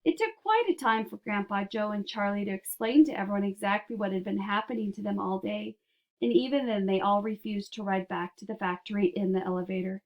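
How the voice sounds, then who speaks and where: Woman narrator, mid-pitched, steady storybook read-aloud. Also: fairly quick, highs cut off.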